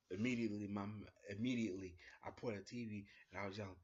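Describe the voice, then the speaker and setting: A man giving a casual spoken review of a wrestling show, retelling it in an excitable, slangy way with plenty of fillers. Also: low-pitched, quick pace, husky, dull audio.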